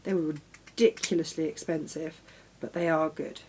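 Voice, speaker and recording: A woman's voice: low voice, steady tone, moderate pace, darkish tone, a little hiss or hum. A middle-aged woman hosting a live sewing demonstration, chatting casually, talking to her tools and exclaiming as she goes. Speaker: crafting show host.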